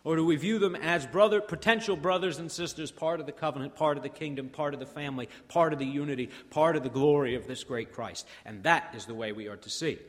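A man preaching a sermon as pastor, swinging between hushed, drawn-out phrases and rousing, repetitive build-ups. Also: medium pitch. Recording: long hall reverb.

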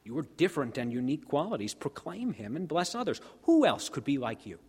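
Male pastor, sermon, animated high-ish delivery with long sanctuary reverb. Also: brisk, slightly rough. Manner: rhetorical questions, swings between soft and emphatic. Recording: long reverb of a church hall.

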